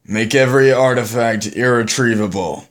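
A man playing a stern, menacing dictator with a measured, commanding delivery. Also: mid-range voice, close to an everyday voice.

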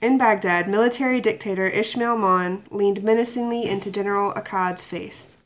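A woman's voice: mid-range voice, moderate pace. Woman narrating an audiobook.

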